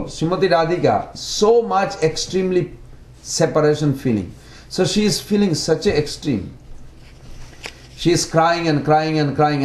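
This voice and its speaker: A man giving a devotional lecture in non-native English, halting and repeating words as he explains. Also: on the high side, a little mellow. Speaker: speaker giving a religious class. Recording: echoey room.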